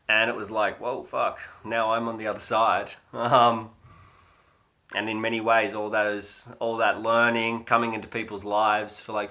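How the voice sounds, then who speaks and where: An Australian man in his thirties hosts a casual livestream, talking to viewers in a rambling, filler-heavy way. His voice sits low but has a bright, forceful edge. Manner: rambling and chatty, with many fillers. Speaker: livestream host.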